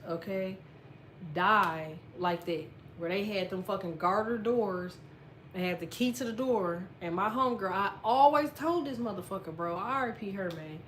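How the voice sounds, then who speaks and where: A woman's voice: medium pitch, measured pace, a little hiss or hum. A woman telling a personal story in a casual monologue, blunt and swearing constantly. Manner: lively storyteller, quietens when telling sad parts. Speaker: astrology content creator.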